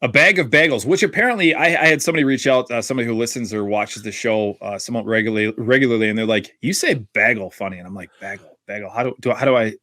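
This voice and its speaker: Bright-voiced Minnesotan guy chatting. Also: medium pitch, racing, hardly any pauses, dry recording. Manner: animated, rambling with restarts and swearing. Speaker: podcast co-host. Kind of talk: casual podcast chat.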